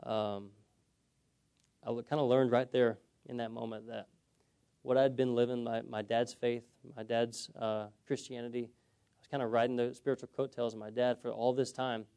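A young man gives a sermon testimony, telling his story in a relaxed, storytelling way. His voice is mellow and dark, sitting at an ordinary pitch, and he keeps checking in with his listeners. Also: moderate pace, clear, resonant tone. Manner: storytelling, conversational with frequent "okay?" check-ins. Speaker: preacher.

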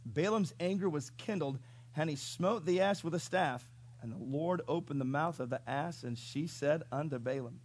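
A male pastor preaching a sermon in an animated storytelling way, chuckling and asking the congregation questions. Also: on the high side, moderate pace, slightly rough.

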